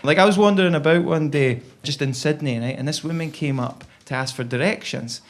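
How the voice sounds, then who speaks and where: A man's voice: fairly high pitch, fairly quick. A young Scottish man with a Scottish accent doing a chatty, self-deprecating stand-up set on stage. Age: young adult. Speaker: stand-up comedian. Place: comedy club stage.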